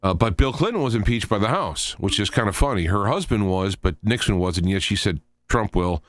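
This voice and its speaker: A man's voice: lowish voice, animated, a little fast, fairly bright tone, dry recording. A man hosting a show, giving rambling, opinionated political commentary as he thinks aloud. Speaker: show host.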